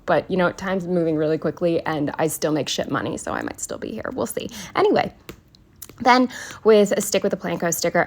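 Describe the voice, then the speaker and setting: A woman in her twenties chatting casually through her planner week, swearing freely and filling pauses with "um" and "like". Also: on the low side. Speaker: planner vlogger. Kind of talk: casual chat.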